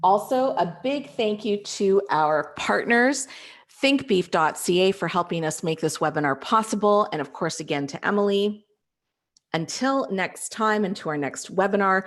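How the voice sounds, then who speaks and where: A woman moderating an online webinar over a video call, upbeat as she thanks people and reads out announcements. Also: mid-range voice. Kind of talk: hosting a webinar. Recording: echoey room.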